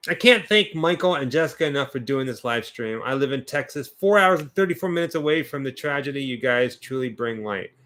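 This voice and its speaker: A man's voice: medium pitch, lively intonation, brisk, few pauses, a bit bright. A man co-hosting a casual horror livestream, reading out viewer comments in an upbeat way. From United States. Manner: reads out chat messages, upbeat. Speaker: co-host of a horror watch-party livestream.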